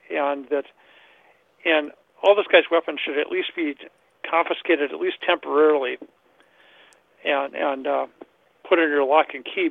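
Gravelly man on a tinny phone line. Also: on the high side, no echo. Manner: rambling, repeats words while searching for them. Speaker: caller. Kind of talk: call-in talk radio.

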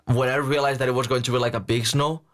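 A man's voice: mid-range voice, fast. A young man from Spain with a Spanish accent, a guest chatting casually and telling stories full of "like". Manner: relaxed, filler-heavy storytelling with frequent "like". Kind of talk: casual chat.

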